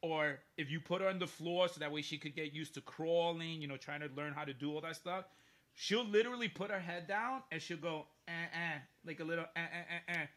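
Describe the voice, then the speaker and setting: A man telling a story in casual chat, animated and profane, often laughing mid-sentence. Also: a little high, brisk. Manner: animated, profane, laughs through his stories.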